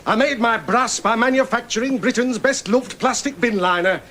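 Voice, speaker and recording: A blustering Yorkshire tycoon. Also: male voice, very high-pitched, moderate pace, bright, forceful tone, a little hiss or hum. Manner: blunt, bombastic, plain-speaking. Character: blunt boastful self-made millionaire knight. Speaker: hospital benefactor. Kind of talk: 1980s sitcom acting.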